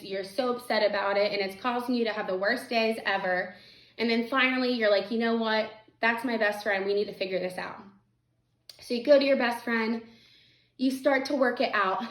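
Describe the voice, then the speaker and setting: A woman's voice: mid-range voice, fairly bright tone. A woman teacher reads a children's novel aloud to her students in a mid-range voice. She breaks off for casual, chatty comments aimed at the class. The recording has a noticeable room echo. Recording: echoey room.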